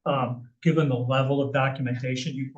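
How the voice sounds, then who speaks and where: A man acting as planning consultant at a public meeting, speaking with careful, measured hedging. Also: medium pitch, flat delivery, highs cut off. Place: municipal meeting room. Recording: echoey room, voice far from mic.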